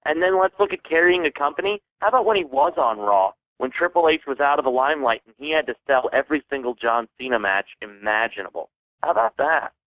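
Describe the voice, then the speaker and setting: A man's voice: medium pitch, quick pace, no room sound. Argumentative man on tinny AM radio. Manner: argumentative, fires rhetorical questions. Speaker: radio show co-host. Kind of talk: casual radio debate. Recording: tinny dry AM radio broadcast.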